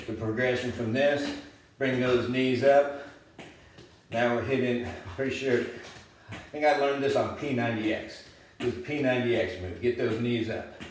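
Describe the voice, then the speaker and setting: A man's voice: medium pitch, normal speed, distant mic, slight background noise. A man coaching a home workout casually and encouragingly, a bit out of breath as he demonstrates each move. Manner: casual, encouraging, thinks aloud while demonstrating. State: slightly out of breath while exercising. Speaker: fitness coach. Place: indoor room, moving around in front of camera. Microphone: camera mic at a distance. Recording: very echoey room, voice off-mic.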